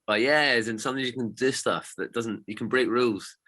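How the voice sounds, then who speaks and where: A man, a DJ guest telling stories in a casual, animated chat and swearing freely. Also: medium pitch, brisk.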